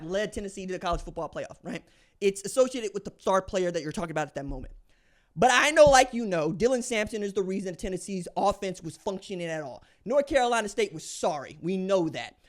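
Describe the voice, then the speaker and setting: A man hosting a solo podcast, talking in an emphatic, slangy way and acting out what other people say. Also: very high-pitched. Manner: animated, emphatic, slangy, acts out quoted voices. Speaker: podcast host.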